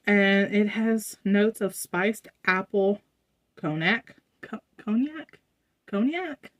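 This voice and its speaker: A woman's voice: medium pitch, steady tone, takes it slowly. A young American woman, a vlogger chatting casually to her viewers, rambling with fillers and asides. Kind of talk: casual haul vlog. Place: indoors at home.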